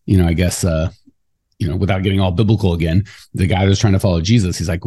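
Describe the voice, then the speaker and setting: A man co-hosting a podcast in casual chat, talking fast and getting fired up, acting out quoted voices along the way. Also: low-pitched, breathy edge. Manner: fast, animated, ranty. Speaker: podcast co-host.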